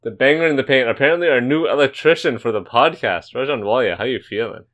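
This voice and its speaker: Guy hosting a basketball pod, loose and jokey, quick to laugh, mid-pitch voice. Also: fairly bright tone. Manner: jokey, laughs easily, rapid-fire stats. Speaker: podcast host. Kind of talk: casual sports chat.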